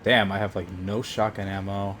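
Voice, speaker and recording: A man giving casual commentary while streaming a video game, halting and swearing at enemies. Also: lowish voice, flat delivery, over music.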